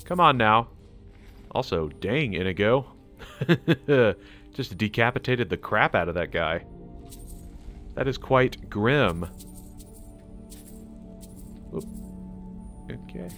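A man's voice: medium pitch, slow, pauses often, soft background music. An American man hosting a gaming channel, chatting and laughing through casual gameplay commentary. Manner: excitable, chatty, laughs a lot.

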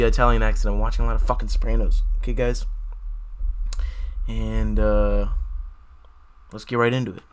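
A man's voice: lowish voice, level tone, moderate pace, long pauses, clear, resonant tone. Slangy young man reacting to music. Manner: loose, slangy, swears a lot. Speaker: host reviewing songs. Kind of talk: casual reaction commentary.

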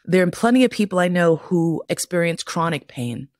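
A woman's voice: on the low side, lively intonation, normal speed, dry recording, clean studio sound. A middle-aged woman hosting a podcast, telling stories casually, swearing freely and breaking into laughter. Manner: profane, laughs often while telling stories. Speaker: podcast host. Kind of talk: casual storytelling monologue.

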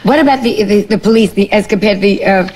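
A middle-aged woman hosting a talk show, firing off quick wisecracks and direct questions. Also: mid-range voice. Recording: 1980s TV studio with loud audience.

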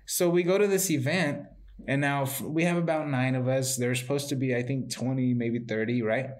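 A man's voice: mid-range voice, moderate pace. A man hosting a podcast, telling stories in a loose, casual chat, acting out other people's voices and swearing freely. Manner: animated storyteller, acts out quoted voices, swears freely; tags lines with "right?". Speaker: podcast host.

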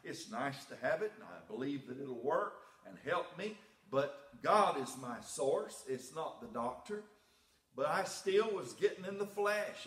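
A man's voice: a little high, animated, measured pace, a bit bright. A man preaching a sermon as pastor, telling a personal story in a folksy way and building to emphatic preaching. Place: church sanctuary. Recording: echoey church room.

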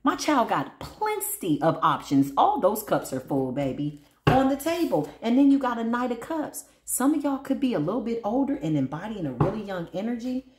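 Woman, tarot reader, laughing, chatty, swooping pitch, echoey room. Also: a little fast. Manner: animated, laughing often, big pitch swings, talks to spirit and viewers. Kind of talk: casual tarot reading.

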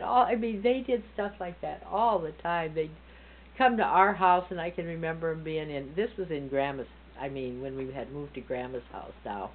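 Older woman with a very low voice, rambling. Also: a little fast. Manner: rambling, self-correcting, laughs often. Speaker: family storyteller. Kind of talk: casual reminiscing. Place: front porch, outdoors. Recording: tinny phone-like sound with faint hum.

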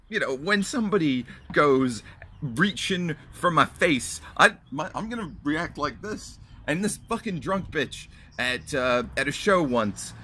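A man's voice: a little high, animated, a little slow, bright, forceful tone, slightly rough. A young man hosting his own video channel, ranting bluntly and swearing freely as he answers a fan's question. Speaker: vlog host answering fan questions. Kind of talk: casual profane rant to camera.

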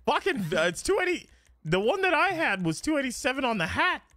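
A young man streaming a roleplay game, chatting casually and swearing excitedly. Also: very high-pitched, brisk, dry recording, studio quality. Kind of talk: casual gaming chat.

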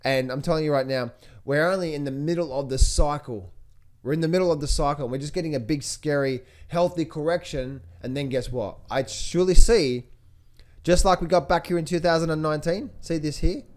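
Fairly quick and fairly high-pitched with a darkish tone, this man hosts a stock market commentary as a trading coach and channel host. Emphatic and repetitive, he restlessly restarts sentences, uses lots of fillers, and keeps addressing viewers as "traders" and "guys."

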